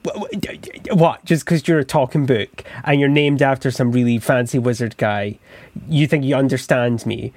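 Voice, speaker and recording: A man's voice: mid-range voice, moderate pace, darkish tone, no room sound, close to an everyday voice. A man voicing an insecure young thief who stammers, swears and berates himself. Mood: upset.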